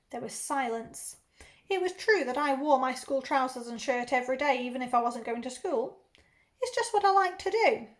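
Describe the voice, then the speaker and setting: A female English teacher with a high voice reads a children's novel aloud in the first person at a moderate pace. Her reading is expressive yet even, and she does accents for the characters.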